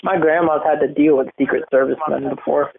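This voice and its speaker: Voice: medium pitch, steady tone, brisk, gravelly, a crowd in the background. Young podcast host, tinny phone-like sound. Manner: storytelling, repeats set-up lines. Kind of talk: casual chat. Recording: tinny phone-like recording, faint hiss.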